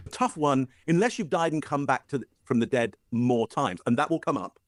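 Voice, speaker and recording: A British man picks apart body language in measured, analytical commentary. His voice sits at a middle pitch and sounds dry and close, with no room around it. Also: expressive, no room sound. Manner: measured, hesitant with fillers.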